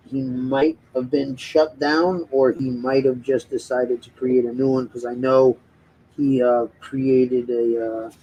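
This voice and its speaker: A man's voice: medium pitch, a little mellow, slight background noise, low-quality recording. A man hosting a livestream in casual chat, rambling and swearing heavily as he rants. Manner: rambling and profane, heavy swearing; heated ranting. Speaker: livestream host.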